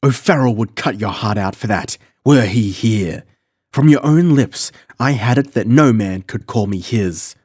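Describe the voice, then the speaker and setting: A man's voice: on the low side, a little slow, darkish tone, husky, no room sound, studio quality. A man voicing a fiery young female pirate captain with proud, archaic speech, in an audiobook. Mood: furious.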